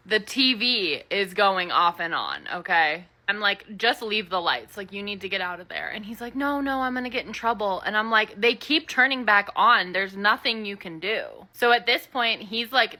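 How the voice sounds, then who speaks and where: A woman's voice: mid-range voice, sharp tone. A young woman telling her own ghost story casually, dramatic and breathless, acting out what was said. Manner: breathless, dramatic retelling with quoted dialogue.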